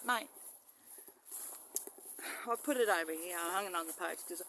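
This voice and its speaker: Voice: normal speed, a little hiss or hum. Agitated rambling vlogger outdoors. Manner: agitated, rambling and profane, swinging between loud outbursts and low muttering. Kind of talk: rambling handheld vlog monologue. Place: outdoors beside a parked van near mangroves.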